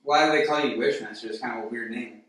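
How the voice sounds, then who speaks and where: A man's voice: mid-range voice, fast, a bit bright. Rambling young male host in an echoey room. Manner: rambling, with many fillers. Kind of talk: casual comedic film review chat. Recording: very echoey room, distant mic.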